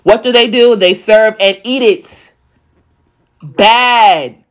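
A woman's voice: fairly high pitch, takes it slowly. A thirty-year-old woman in casual chat, talking in a blunt, profane and emphatic way.

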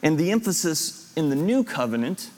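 A man's voice: a little high, very animated, normal speed, a little mellow. A man teaching a Bible class, explaining step by step, recapping lists and putting questions to his students. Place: classroom or church hall with students. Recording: long reverb of a hall.

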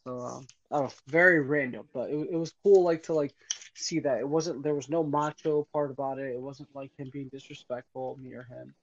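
A man telling a casual story on a podcast, animated and acting out both sides of it. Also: mid-range voice, a little fast. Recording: muffled lo-fi audio.

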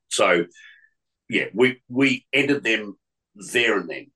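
Emotional radio man, bright voice. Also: mid-range voice, sing-song, takes it slowly, long pauses, poor audio. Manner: emotional, repeats words and restarts often. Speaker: radio presenter, guest. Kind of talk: storytelling interview.

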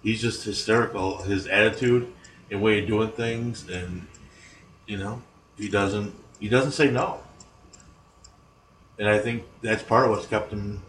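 Low-voiced host in an echoey room. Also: male voice, a little slow, pauses often, distant mic, slight background noise. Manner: relaxed, short affirmations while listening. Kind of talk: casual podcast chat.

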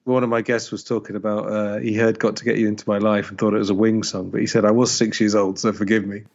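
A man co-hosting a music podcast, talking in a measured, reflective way with hesitant fillers. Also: fairly low pitch, level tone, gravelly. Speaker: podcast co-host and radio show host. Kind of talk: casual music podcast chat. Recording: dull lo-fi sound.

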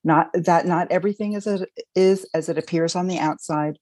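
A middle-aged woman sharing her recovery story, speaking in an emotional, halting and reflective way. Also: fairly low pitch, fairly even intonation, a little mellow, no room sound, rough recording. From Baltimore, Maryland. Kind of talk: personal sharing.

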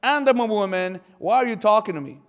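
A sharp-tongued Samaritan woman fires back question after question, her voice pitched high and bright, as a male preacher acts her out in his sermon. She sounds wary and incredulous. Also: lively intonation, fairly quick. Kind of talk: preacher acting out scripture in a sermon.

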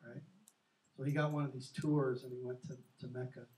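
Recorded far from the mic in an echoey room, this medium-pitched man speaks a little fast as co-host of a Christian talk show. He's an earnest, animated storyteller in casual faith talk, acting out the quotes he relays.

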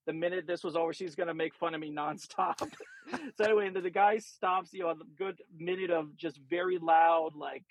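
High-voiced man telling a story. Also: brisk. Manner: animated storyteller, acts out quotes. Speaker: podcast co-host. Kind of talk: casual anecdote telling.

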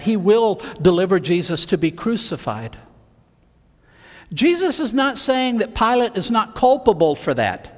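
A man preaching a sermon, acting out the Bible figures' lines with sudden swings between soft and loud. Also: sits high, long reverb tail.

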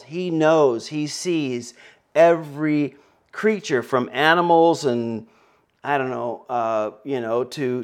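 A middle-aged male pastor giving a conversational sermon, with frequent fillers and restarts. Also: medium pitch.

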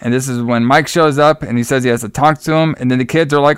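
A man's voice: mid-range voice, fairly even intonation, quick pace, clear, resonant tone, no room sound. A man co-hosting a podcast, casually recapping a horror film's plot in a rambling way, often restarting his words. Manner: rambling, repeats and restarts words while recounting scenes. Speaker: podcast co-host reviewing a horror film.

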